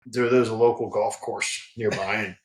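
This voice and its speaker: A man's voice: on the low side, steady tone, moderate pace. A man telling funny stories in casual chat, swearing a lot and acting out the voices of the people in them. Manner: swears freely, acts out quoted voices. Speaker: guest, head distiller. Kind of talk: casual storytelling.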